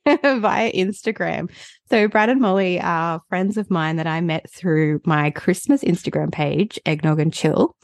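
A woman's voice: medium pitch, dry recording, clean studio sound. A woman hosting a podcast, chatty and giggling often between points. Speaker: podcast host. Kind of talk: casual podcast chat.

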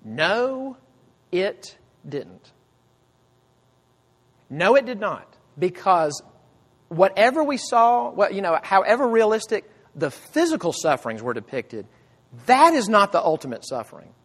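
A man delivers a sermon in an earnest, emphatic way, his slightly high voice carrying through a hall with a long reverb. He rises to loud cries and then sinks to quiet, low phrases. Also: sing-song, a little slow, pauses often. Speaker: pastor.

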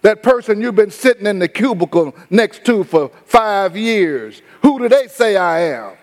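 Pastor, high voice, folksy sermon delivery, drawn-out emphasis, reverberant sanctuary. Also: male voice, lively intonation. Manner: conversational preaching, drawn-out emphasis, folksy phrasing. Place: church sanctuary.

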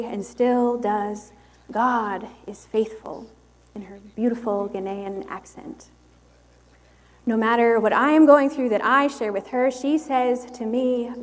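A woman preaching a sermon in a slow, measured, reflective way. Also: fairly high pitch, in a large hall.

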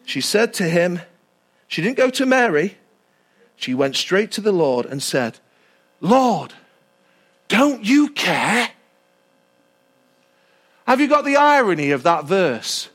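A male pastor preaching a sermon, animated and often asking the congregation questions. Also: high voice, normal speed.

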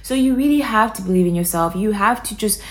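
Chatty woman hosting a self-help podcast. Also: a little fast. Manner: chatty, acts out quoted inner voices with big pitch jumps. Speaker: podcast host. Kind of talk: casual self-help monologue.

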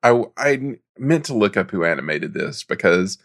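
A man's voice: fairly low pitch, very animated, normal speed, a bit bright, no room sound, studio quality. A man co-hosting a casual podcast, chatting a bit rambly about a film. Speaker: podcast co-host.

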